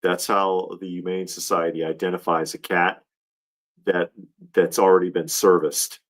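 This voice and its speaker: A man's voice: low voice, little pitch movement, normal speed. A man hosting a casual livestream, rambling and heartfelt as he talks, often restarting his sentences. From Georgia, US. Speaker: livestream host.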